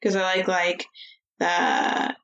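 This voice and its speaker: A woman's voice: lowish voice, wildly swooping pitch, takes it slowly, vocal fry, a bit bright, dull audio. A woman co-hosting a podcast in casual chat, talking with lots of "like" fillers. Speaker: podcast co-host.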